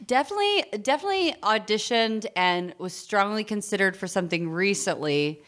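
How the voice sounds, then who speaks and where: A woman's voice: medium pitch, lively intonation, brisk, a bit bright. A woman with a Southern US accent, talking as a guest in a casual interview, chatty and full of laughs and restarts. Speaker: actor, guest.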